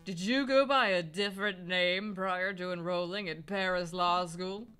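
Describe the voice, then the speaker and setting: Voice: medium pitch, unhurried, sharp tone, smooth, soft background music. A player voicing a smug, prying male bird lawyer who speaks coolly.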